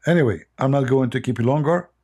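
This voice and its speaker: A man's voice: medium pitch, quick pace, a little mellow, breathy edge. A middle-aged man with an Arabic accent hosting a livestream, blunt, mocking and emphatic in his commentary. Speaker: livestream host.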